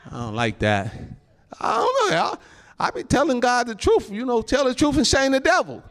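A male pastor preaching a sermon in an animated, folksy way, laughing often and calling out to the congregation. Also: extremely high pitch, moderate pace, gravelly. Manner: folksy informal phrasing.

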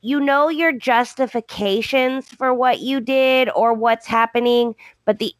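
A woman's voice: on the high side, steady tone, a little slow, dry recording. A woman co-hosting a podcast, recapping a soap opera in a casual, joking way with many fillers. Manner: chatty, joking, with frequent fillers. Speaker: podcast co-host.

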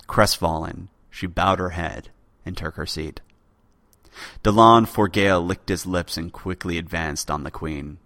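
A man narrates an old legend in a dramatic read-aloud style. His voice sits low but sounds bright and crisp, recorded close and dry with no room echo. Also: a little slow. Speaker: podcast host narrator. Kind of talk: storytelling narration.

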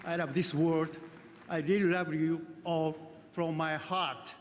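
A man with a Japanese accent giving a halting, emotional award acceptance speech, pausing often between phrases. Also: on the high side, flat delivery, heavy background noise. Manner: halting, emotional, many pauses. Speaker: award recipient. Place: large event hall. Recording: distant hall recording with crowd.

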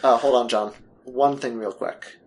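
A man's voice: medium pitch, steady tone, a little slow. A man co-hosting a podcast in casual chat, teasing and playful toward his co-host.

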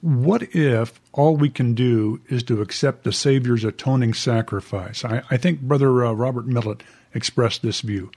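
A man with a steady, middle-pitched voice hosts a casual podcast interview. He poses questions and reads passages aloud at a slow pace. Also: husky. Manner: asks questions, reads scripture aloud slowly. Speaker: podcast host.

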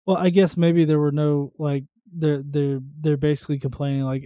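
Male podcast co-host, irreverent and questioning, warm-toned and a bit high, recorded dry. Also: moderate pace, hardly any pauses, dry recording. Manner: jokey, crude, questioning, gets loud and animated. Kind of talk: casual irreverent chat.

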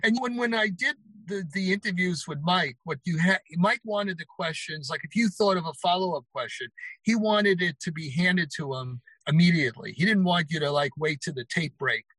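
Older male guest, high-pitched, spins anecdotes with quoted voices, close dry mic. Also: moderate pace, dry recording, low-quality recording. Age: 60s. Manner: animated retelling with quoted voices. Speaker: author guest. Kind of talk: anecdotal interview storytelling.

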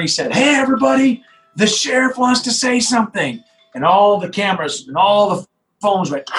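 A middle-aged man, a sheriff recounting a tense moment in an interview. His voice sits high for a man, and he talks with insistent emphasis, often doubling back on his own words. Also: low-quality recording. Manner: emphatic, animated retelling with restarts. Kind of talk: interview storytelling.

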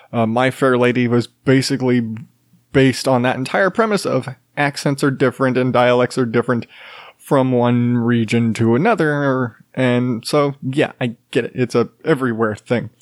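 A man hosting a podcast on his own, in a rambling and casual chat. He stops and restarts often, drops in fillers and chuckles, and his voice sits at a middling pitch. The sound is close and dry, with no room echo at all. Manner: chuckles while talking. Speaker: podcast host. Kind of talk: solo casual monologue.

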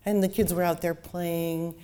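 A woman's voice: fairly low pitch, flat delivery, unhurried, mellow. A woman author reading aloud from her novel and then chatting about how she wrote it. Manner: chatty, with fillers and restarts when talking. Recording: long hall reverb.

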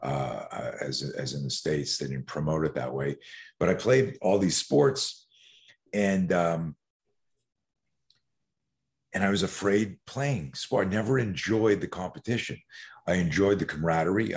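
Deep-voiced man telling rambling stories. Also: unhurried. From Canada. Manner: rambling, profane, many restarts and fillers. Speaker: guest, coach on fear. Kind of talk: casual interview storytelling.

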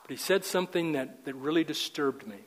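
An older man teaches a men's Bible group in an earnest, emphatic sermon style, sometimes repeating his words. His voice sits a little high for a man. A long reverb trails after each phrase, as in a large hall. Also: a little fast.

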